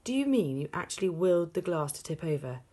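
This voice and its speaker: A woman voicing a kind young schoolteacher who speaks gently and patiently in a storybook reading. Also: lowish voice, sing-song, quick pace. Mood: gentle.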